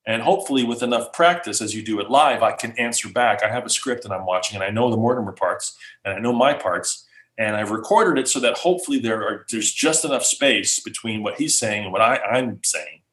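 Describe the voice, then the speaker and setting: A man chatting casually as a guest speaker, animated and full of fillers. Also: lowish voice, brisk, reverberant. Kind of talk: casual chat.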